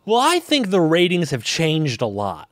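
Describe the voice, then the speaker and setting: Young male co-host, slightly higher voice, wry, dry sound. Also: wildly swooping pitch, measured pace, fairly bright tone, no echo. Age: young adult. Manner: wry, teasing questions. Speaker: podcast co-host. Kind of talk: casual podcast chat.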